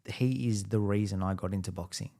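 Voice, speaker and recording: A man with an Australian accent hosting a casual interview, relaxed and friendly as he asks questions and tells his own story. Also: on the low side, brisk, vocal fry. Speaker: host.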